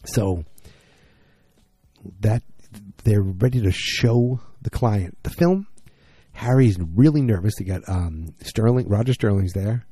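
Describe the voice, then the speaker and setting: A tired, low-voiced man recaps a TV episode in a loose, rambling way. His tone is very dark and a little husky, recorded dry and close. He keeps slipping into his characters' lines in quick bursts. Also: expressive, dry recording. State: tired, yawning. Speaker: podcast host recapping a TV episode. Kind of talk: casual recap.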